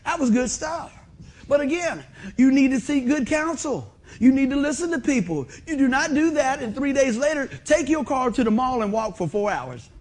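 A man preaching a sermon in a folksy storytelling manner, swinging from loud bursts to quiet asides. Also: very high-pitched, expressive, moderate pace. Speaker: pastor.

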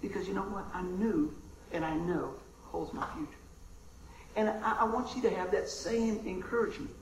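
A man preaching a sermon, telling a personal story in a conversational, animated way that drops to a hush at times. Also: high-pitched, normal speed, roomy sound, slight background noise, rough recording. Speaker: pastor.

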